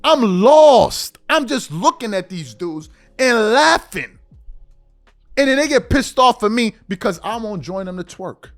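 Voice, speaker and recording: A man's voice: very high-pitched, very animated, measured pace. A man hosting a sports commentary channel, delivering an indignant, mocking rant and mimicking people he quotes. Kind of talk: ranting sports commentary monologue. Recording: faint music bed behind voice.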